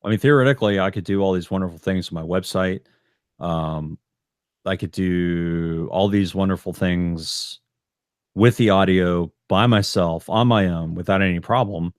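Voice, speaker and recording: Low-voiced rambling podcast co-host man. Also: fairly even intonation, unhurried, no echo, clean studio sound. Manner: rambling, stumbling restarts, blunt. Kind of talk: casual podcast chat.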